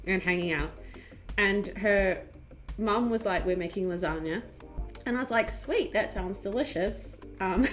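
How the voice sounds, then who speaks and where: A woman streamer chatting casually, telling stories in an animated, giggly way with lots of fillers. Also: mid-range voice, normal speed, pauses often. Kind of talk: casual chat. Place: home streaming setup. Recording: faint music behind.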